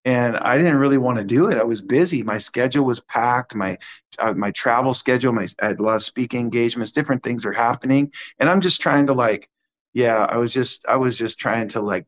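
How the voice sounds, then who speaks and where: A man giving a conversational testimony as a guest minister, animated and acting out the quotes of the people in his story. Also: medium pitch, highs cut off.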